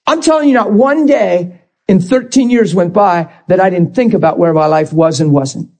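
A man preaching a sermon as a pastor, moving between calm talk and emotional shouting. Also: high-pitched, normal speed.

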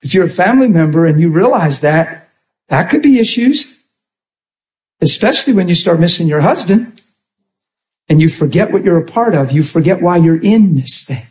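Impassioned high-voiced male preacher. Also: animated, moderate pace, rough recording. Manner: impassioned, often shouting; calls out to the congregation. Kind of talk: sermon.

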